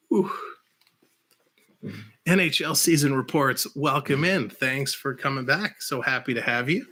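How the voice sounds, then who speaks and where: A man hosting a casual live-stream of hockey play-by-play and chat, who bursts into shouts on big plays. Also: medium pitch, measured pace, pauses often.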